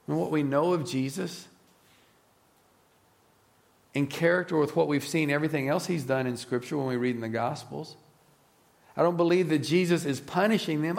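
Earnest preacher with a gravelly voice. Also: male voice, normal speed, pauses often. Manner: reflective, earnest, often drops to a soft low voice. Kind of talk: sermon.

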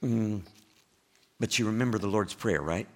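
A man with an East Texas accent preaching a sermon as pastor, chatty and full of questions to his listeners, with big swings in pitch and loudness for emphasis. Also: normal speed. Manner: conversational, asks the listeners frequent questions.

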